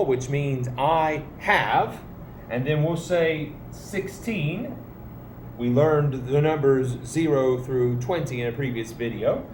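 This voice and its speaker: Slow, patient man teaching in echoey room. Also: fairly high pitch, animated, slight background noise. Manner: patient, explanatory, with playful emphasis. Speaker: Spanish teacher. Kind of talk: classroom video lesson. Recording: echoey room, faint ambience.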